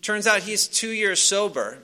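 A man's voice: high-pitched, expressive, measured pace, sharp tone. A man casually telling a personal story to a live audience. He rambles loosely, with many fillers and restarts. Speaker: speaker sharing a recovery story.

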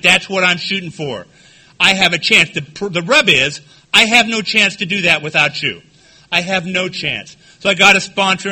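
A man giving a recovery-meeting talk, telling his own story candidly with dark humor. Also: high voice. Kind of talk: personal testimony speech.

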